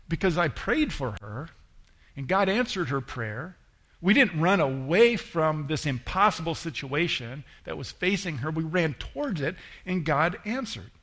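Conversational pastor telling a story. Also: male voice, fairly bright tone. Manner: conversational, acts out quoted voices with rising pitch. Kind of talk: sermon with storytelling.

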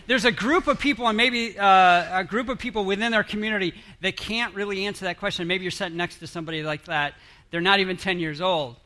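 A man's voice: high-pitched, sharp tone. A middle-aged man giving a rambling, chatty talk to an audience, often breaking off mid-sentence and putting questions to the listeners. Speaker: speaker addressing an audience.

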